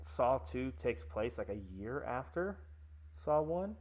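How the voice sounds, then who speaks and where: A man's voice: medium pitch, expressive, darkish tone. A man co-hosting a podcast, recapping a film in casual chat with lots of fillers and restarts. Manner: rambling, filler-heavy, quick to laugh. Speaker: podcast co-host.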